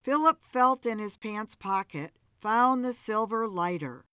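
A woman narrating an audiobook story in a plain, steady manner. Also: fairly high pitch, measured pace, clean tone, no echo, studio quality.

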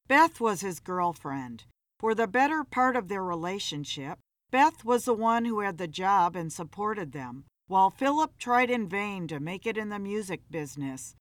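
A woman's voice: mid-range voice, fairly bright tone, dry recording. A woman narrating a short story in a scripted reading.

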